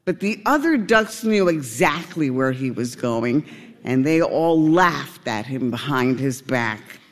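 A man narrating a storybook tale in a gentle, unhurried way. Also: medium pitch, expressive, long reverb tail.

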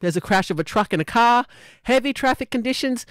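A woman's voice: a little high, expressive, fairly quick, clean tone, no room sound. Upbeat Australian woman radio host. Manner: chatty and upbeat, laughs often. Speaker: radio breakfast show host. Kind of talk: live radio presenting.

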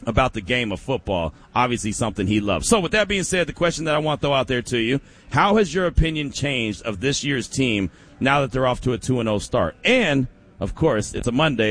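A man hosting a sports talk radio show, energetic and speaking straight to listeners, often repeating his words. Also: medium pitch.

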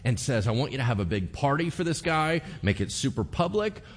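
A man preaching a sermon, telling a Bible story playfully and acting out the characters in quick bits. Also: medium pitch, big pitch swings. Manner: playful, acts out characters with voices and laughs. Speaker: pastor.

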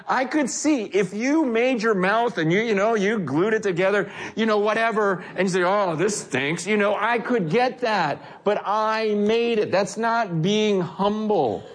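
A man preaching a sermon in a conversational, animated way, acting out the voices he quotes. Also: high voice, measured pace. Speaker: pastor.

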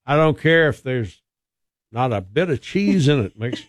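A man's voice: medium pitch, lively intonation, a little slow, dry recording. A man co-hosting a radio show, chatting casually and reading a food news item with joking asides. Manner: easygoing, chatty, reads news items with asides. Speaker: radio co-host.

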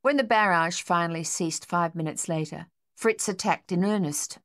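A woman narrating an audiobook in a steady, measured storytelling voice. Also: fairly low pitch, no room sound, clean studio sound. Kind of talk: scripted narration.

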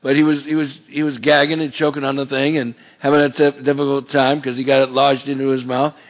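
A man's voice: mid-range voice, level tone, a little fast. A middle-aged man preaching a sermon as a pastor, in a conversational way with rambling asides.

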